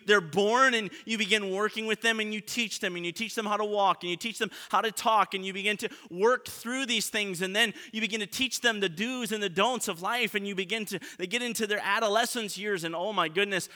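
A man preaching a sermon in an earnest way, often letting his voice drop soft at the ends of points. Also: high voice. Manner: earnest, often trailing off softly. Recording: long reverb of a large hall.

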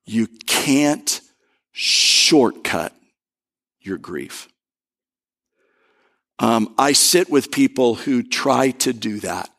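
A male pastor giving a conversational sermon, telling stories and slowing down to stress key words. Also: mid-range voice, fairly bright tone. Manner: conversational preaching with storytelling and emphatic pauses.

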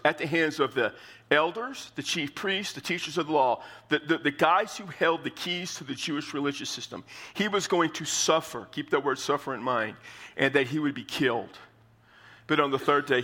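Bright-voiced pastor preaching conversationally. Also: male voice. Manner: conversational, emphatic, acts out quotes with shifting pitch. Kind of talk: sermon.

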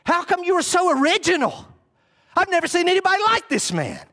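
Man acting out a flustered Roman governor, high-pitched, louder, firing off anxious questions. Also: very animated, heavily acted. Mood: agitated. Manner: rapid-fire anxious questioning. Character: agitated Roman governor, middle-aged man.

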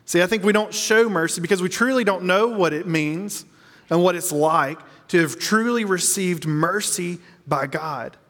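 Male pastor, slightly high voice, earnest sermon delivery, long hall reverb. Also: fairly bright tone. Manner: earnest, slows down to stress key lines.

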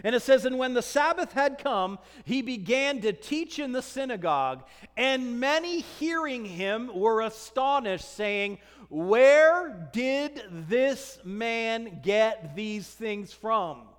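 High-voiced preacher in a reverberant hall. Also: male voice. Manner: animated preaching, acting out scripture dialogue. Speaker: pastor. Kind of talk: sermon.

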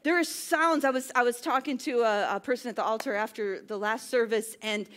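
A woman's voice: fairly high pitch, a little fast, a bit bright, a little hiss or hum. A woman in her thirties, a worship pastor, giving a sermon in a chatty, self-deprecating way that builds into emphatic preaching. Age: 30s.

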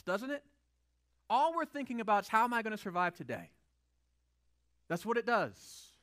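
A man's voice: sits high, a bit bright. A male pastor preaching a sermon in a conversational way, often asking the audience rhetorical questions.

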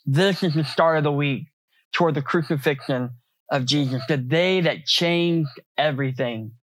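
A man's voice: fairly high pitch, moderate pace, dry recording. A man preaching a sermon as pastor, in a conversational way with many rhetorical questions and repeated words.

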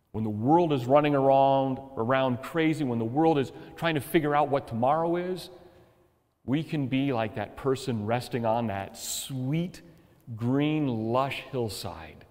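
Male pastor, mid pitch, earnest storytelling sermon, long hall reverb. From United States. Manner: earnest storytelling preacher, swells louder and higher at climaxes.

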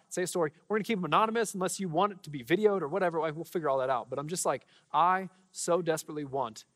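A young male pastor speaks to his congregation in a loose, fervent way, stumbling over fillers and restarts. His voice sits slightly high, and a long reverb from the church sanctuary trails each phrase. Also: a bit bright. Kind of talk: sermon with prayer and testimonies.

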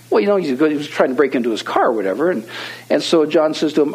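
Husky-voiced man telling a sermon story. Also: fairly high pitch, fairly quick, low-quality recording. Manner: conversational, with many fillers and restarts. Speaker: preacher.

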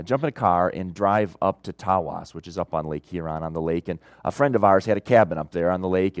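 A middle-aged man, a pastor, preaching a sermon in a storytelling way, moving between loud emphasis and quiet asides. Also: deep voice, no echo, clean studio sound.

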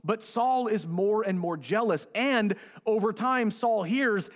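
A man's voice: high voice, moderate pace. A man preaching a conversational sermon as pastor, retelling a story in casual words and briefly acting out the quoted voices.

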